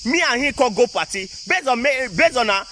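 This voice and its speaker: A man's voice: very high-pitched, expressive, fairly quick, bright, forceful tone, slight background noise. A man with a Nigerian Pidgin English accent, ranting to his viewers in a casual, emphatic and repetitive way. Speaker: vlogger. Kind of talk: casual political rant to viewers.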